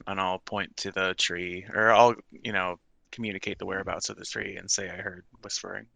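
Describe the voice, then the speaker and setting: Lowish guy, forceful tone, kinda hesitant, thinking out loud at the game table. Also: flat delivery, brisk, gravelly, no room sound. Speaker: player.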